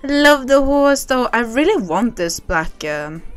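A woman's voice: fairly high pitch, very animated, measured pace, faint music behind. Bubbly young woman streamer greeting chat. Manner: bubbly, greets chat by name, laughs often. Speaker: game streamer. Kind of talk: casual livestream chat.

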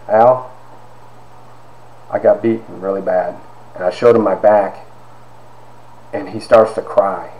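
Middle-aged man, low voice, storytelling testimony in a reverberant room. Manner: storytelling, quotes people in quiet asides. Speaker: speaker giving a testimony. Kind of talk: personal testimony talk.

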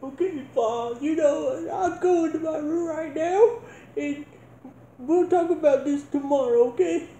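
A man's voice: very high-pitched, measured pace, warm tone, a little hiss or hum, voice pushed up. A man playing a laid-back, jobless adult son in a comedy sketch, mumbling and stammering. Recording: roomy echo.

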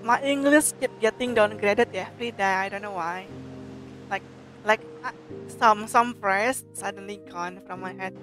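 A woman streamer, chatting casually while reading a game, giggly and halting in her English. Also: medium pitch, fairly bright tone, faint music behind. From Indonesia. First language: Indonesian.

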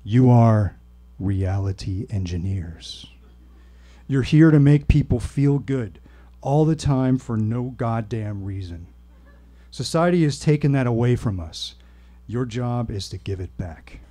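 A man voicing an earnest male hypnosis teacher who speaks gravely and gives firm instructions. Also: mid-range voice, lively intonation, a little slow, mellow, close to an everyday voice. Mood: commanding.

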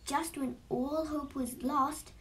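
A woman narrating an illustrated storybook in a slow, expressive read-aloud style, heard from a distant mic. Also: high voice.

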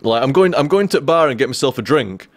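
Young male streamer, casual rambling storyteller, mid-pitched voice, dry close sound. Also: animated, quick pace, dry recording. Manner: rambling, profane, restarts often.

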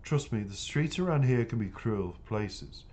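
A man voicing a kindly male police officer who gives calm, fatherly advice in a storybook reading. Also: medium pitch, measured pace, close to an everyday voice. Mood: advising.

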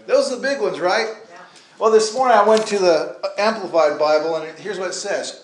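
A man's voice: high-pitched, moderate pace, echoey room, slight background noise. A man preaching a sermon in a conversational way, with asides to the congregation. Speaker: pastor. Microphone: handheld or stand mic.

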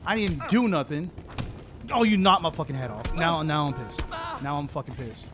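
A young man streaming a role-play game, chatting casually and taunting loudly when worked up. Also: a little high, moderate pace, music in the background. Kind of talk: casual live commentary while gaming.

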